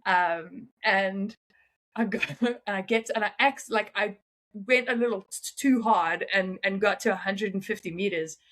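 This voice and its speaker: A young woman telling stories as an interview guest, animated and often laughing. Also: medium pitch. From South Africa. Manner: animated, laughing, quick asides. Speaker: guest, freediver. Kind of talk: casual interview storytelling.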